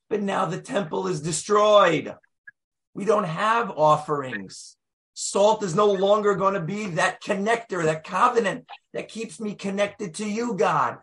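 A man teaching a lively Torah class, emphatic and acting out the voices in the text. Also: sits high, a little slow. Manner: animated, emphatic, acts out voices and quotes.

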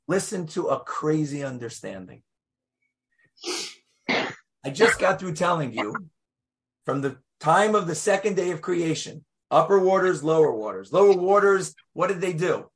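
A man teaching a lively Torah class, emphatic and acting out the voices in the text. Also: fairly high pitch, measured pace, long pauses. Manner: animated, emphatic, acts out voices and quotes.

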